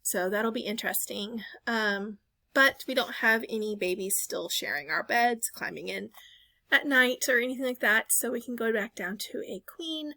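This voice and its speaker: A woman's voice: a little high, normal speed, vocal fry, sharp tone, no room sound. A woman in her thirties chatting casually in a voice-over about thrift finds, rambling and correcting herself as she goes. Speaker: reseller vlogger.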